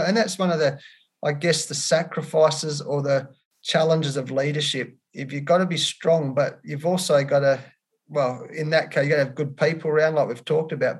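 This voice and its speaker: A middle-aged Australian man answering interview questions candidly and earnestly, repeating words and often saying "mate". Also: a little high. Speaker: cricket head coach, guest.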